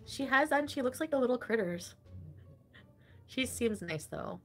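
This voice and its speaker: A woman's voice: on the high side, lively intonation, measured pace, soft background music. A woman streamer in casual livestream chat, gossiping with lots of giggles, swearing and "like" fillers. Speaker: online streamer.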